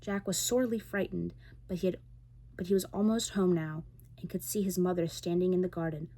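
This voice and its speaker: A woman reading a fairy tale aloud in a soft, gentle bedtime manner as a whispered role-play ASMR storyteller, close to the microphone. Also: on the low side, steady tone, a little fast.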